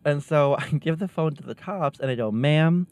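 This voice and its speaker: A young man casually telling a wild story from his high school days, acting out the voices of the people in it. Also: a little fast. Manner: animated, acts out quoted voices. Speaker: storyteller guest.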